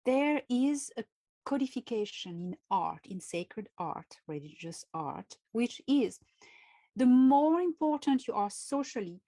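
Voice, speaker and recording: A woman with a French accent, a native French speaker answering interview questions in English, speaking slowly and carefully with frequent hesitations. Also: a little high, lively intonation, mellow, no room sound. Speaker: guest.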